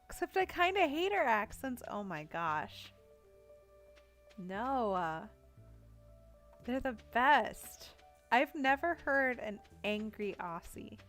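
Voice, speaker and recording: A woman's voice: on the high side, sing-song, slow, pauses often, fairly bright tone, soft background music. A young woman streaming a cozy farming game, chatting casually with viewers, giggling often as she reads their messages aloud. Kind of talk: casual live-stream chat.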